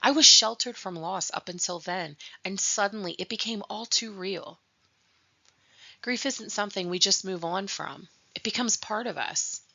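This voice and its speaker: A woman's voice: medium pitch, normal speed, creaky, bright, forceful tone. A young adult woman hosting a podcast, telling a personal story of grief in an earnest, reflective way. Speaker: podcast host. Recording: dull lo-fi recording.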